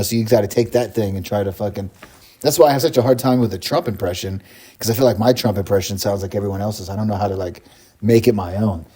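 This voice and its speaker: A man's voice: on the low side, dark tone, breathy edge. A young adult man, a comedian co-hosting a podcast, chatting casually and rambling with restarts. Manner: laughs often, rambling with restarts. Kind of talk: casual chat.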